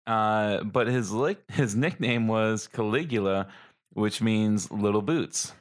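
A man's voice: lowish voice, takes it slowly. A man hosting a podcast in casual chat, giggling often and rambling with lots of "like". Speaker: podcast host.

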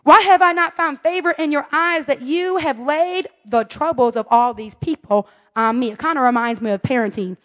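A high-voiced woman preaches a sermon. She keeps it chatty and funny, acting out scripture voices and her family's quarrels. Her voice rings with the long reverb of a church hall. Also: moderate pace, hardly any pauses. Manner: humorous, conversational preaching with laughs and asides. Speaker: pastor.

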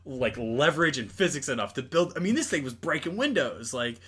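Animated bright-voiced young man. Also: on the high side, brisk, slightly rough. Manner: animated, exasperated, lots of fillers. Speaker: podcast co-host. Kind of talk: casual movie review chat.

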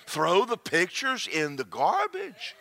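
A man's voice: high-pitched, wildly swooping pitch, takes it slowly, vocal fry, sharp tone. A middle-aged man preaching a sermon, joking and acting out quoted voices.

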